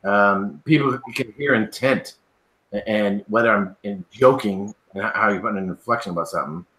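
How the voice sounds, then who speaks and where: A man's voice: fairly low pitch, moderate pace, bright, forceful tone. A man co-hosting a casual live chat, explaining his views at length and often agreeing with "right". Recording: echoey room.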